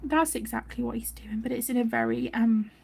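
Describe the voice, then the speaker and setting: A woman hosting a colouring live stream, speaking softly and haltingly, often close to a whisper, emotional and near tears. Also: fairly high pitch, gravelly, slight background noise. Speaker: colouring channel host. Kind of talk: casual live-stream chat while colouring.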